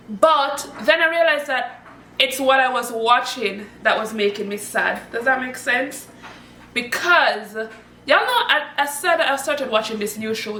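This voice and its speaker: A woman from Jamaica talks casually to her viewers from home, laughing easily. Her voice sits high and sounds bright, and she swoops up high when she gets excited. She is recorded a little away from the mic in an echoey room. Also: measured pace, recorded from a distance, slight background noise. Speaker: vlogger. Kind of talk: casual chat to camera.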